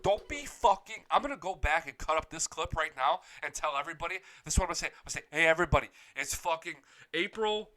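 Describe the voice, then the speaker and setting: A man's voice: a little high, lively intonation, rapid-fire, few pauses, pushed and bright. A young man hosting a live sports talk show, ranting with heavy profanity and hype. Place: home studio.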